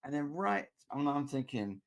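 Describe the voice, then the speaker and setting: A man hosting a casual chat, telling an animated story about running a tabletop game and laughing as he goes. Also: on the high side, moderate pace, creaky. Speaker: game master and podcast host.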